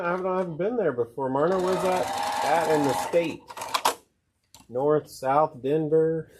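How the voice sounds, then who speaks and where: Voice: medium pitch, background noise. A co-host of a live sewing show, reading out viewer names from the chat and greeting each one casually.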